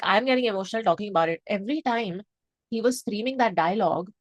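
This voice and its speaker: An excitable young woman talks through a film scene by scene in a casual review. Her speech is emphatic and full of fillers, with swearing and Hindi phrases slipping in. She sits at a mid pitch in a dry, deadened room. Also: no room sound. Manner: swears freely, lots of fillers like 'um' and 'like'.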